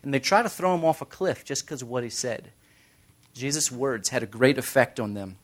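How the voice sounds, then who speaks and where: A man's voice: mid-range voice, normal speed. A man teaching a Bible study in a conversational sermon style, making joking asides and quoting scripture.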